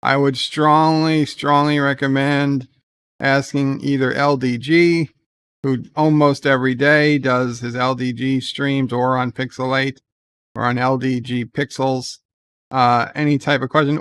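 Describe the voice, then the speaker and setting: A man hosting a casual live stream, with a smooth, resonant voice. He reads out viewer messages and talks back to them off the cuff. His speech wanders, full of "uh"s and restarts. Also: mid-range voice, fairly even intonation, measured pace, a bit bright. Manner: reads viewer comments aloud and answers them, loose and rambling with many "uh"s. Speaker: livestream host. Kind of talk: casual livestream chat.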